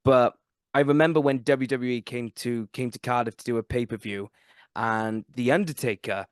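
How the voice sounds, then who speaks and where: A man with a South Welsh accent hosting a podcast, telling stories in an animated, excitable way. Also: medium pitch, moderate pace, smooth, no room sound, studio quality. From South Wales. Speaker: podcast host. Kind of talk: casual podcast chat.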